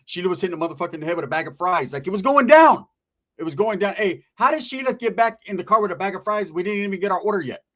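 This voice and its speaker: A man telling a profane comic story in an animated, conversational way. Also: high-pitched, rapid-fire. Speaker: stand-up storyteller. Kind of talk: comedic storytelling.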